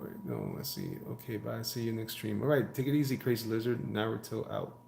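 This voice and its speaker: A man's voice: on the low side, very animated, fairly quick, vocal fry, a little mellow, roomy sound, slight background noise. A man, a comic artist, chatting casually on a live stream while he draws, reading viewer comments aloud and joking around. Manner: rambling, jokey, reads chat aloud and riffs.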